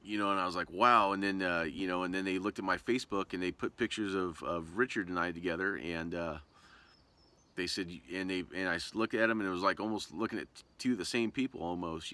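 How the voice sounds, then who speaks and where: A man's voice: deep voice, sharp tone, clean tone. A man from Southern Oregon telling a personal story to camera in a casual, rambling way, full of fillers and restarts. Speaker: vlogger.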